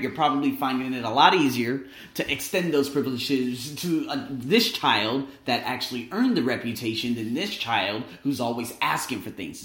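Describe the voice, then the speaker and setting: A man's voice: medium pitch, fairly bright tone. A man hosting a casual talk show, telling stories animatedly, acting out quoted voices and swearing casually. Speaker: podcast host. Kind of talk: casual storytelling monologue. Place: living in Thailand. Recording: roomy echo.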